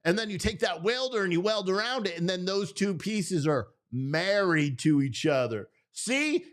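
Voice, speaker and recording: A man's voice: on the high side, a bit bright. A man putting on a Southern accent to play a folksy man making a joking welding analogy, in a drawling, rhetorical way. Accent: Southern US, put on.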